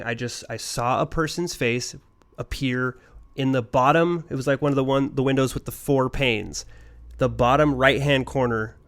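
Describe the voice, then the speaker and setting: A man's voice: mid-range voice, fairly bright tone, clean tone. A man co-hosting a casual podcast spins a long, rambling ghost story in an ordinary mid-range voice. His talk is loose and peppered with swearing. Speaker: podcast co-host.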